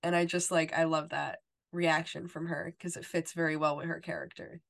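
This podcast co-host has a low, creaky voice with flat delivery and a moderate pace. She chats casually about a TV episode, leaning heavily on "like" and "you know."

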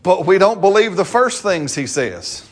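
Preaching a sermon, a man is playful and animated, often breaking into laughter and trading call-and-response with the congregation. His voice sits high and his pace is a little slow.

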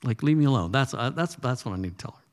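A man's voice: medium pitch, expressive, quick pace. A male pastor preaching a sermon in a loose, conversational way, often repeating words as he goes. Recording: reverberant hall.

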